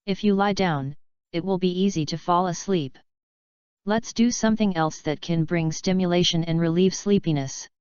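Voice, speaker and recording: A woman voicing a quiet, drowsy and reserved young woman ninja with soft, unhurried lines. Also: lowish voice, clear, resonant tone, no echo, natural voice. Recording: slightly dull, dry lo-fi recording.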